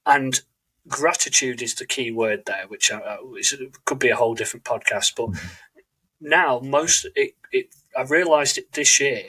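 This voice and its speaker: Husky-voiced man hosting a podcast. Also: medium pitch, unhurried, bright, forceful tone, rough recording. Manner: earnest, reflective, searches for words. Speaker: podcast host. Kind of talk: casual podcast conversation.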